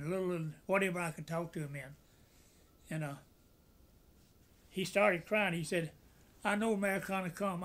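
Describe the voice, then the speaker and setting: A man's voice: sits high, fairly bright tone. An older man, a war veteran, telling wartime stories in a folksy way and acting out the voices of the people in them. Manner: folksy, acts out quoted voices, laughs at own jokes. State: tearful at times. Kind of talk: oral history storytelling.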